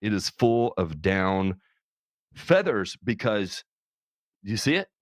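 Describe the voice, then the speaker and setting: A man's voice: fairly low pitch, very animated, takes it slowly, dry recording, clean studio sound. A man hosting a charity livestream, talking casually in a candid, profane, self-deprecating way. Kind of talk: casual chat.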